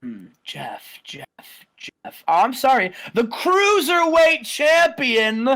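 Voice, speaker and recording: A man's voice: high-pitched, sing-song, brisk, a bit bright, exaggerated voice. A man voicing an arrogant male wrestling champion who mocks his brother in a game playthrough. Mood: mocking. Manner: boastful, mocking.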